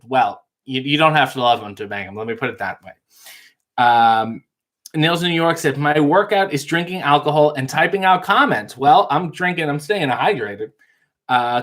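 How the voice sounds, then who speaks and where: A male host reading out live chat comments and answering them with wry, deadpan jokes in a casual live-stream chat. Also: mid-range voice.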